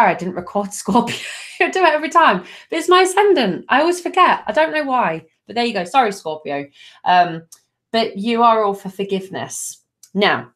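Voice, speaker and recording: Chatty woman giving astrology readings. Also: mid-range voice. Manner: chatty, self-deprecating, reassuring, laughs often. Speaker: tarot and astrology reader. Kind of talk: live-streamed weekly astrology reading.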